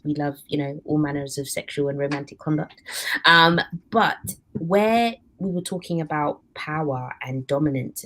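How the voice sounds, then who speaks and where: A woman with a low, husky voice co-hosts a casual podcast chat. She rambles through side stories and breaks into laughter often. Her talk is loose and conversational. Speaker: podcast co-host.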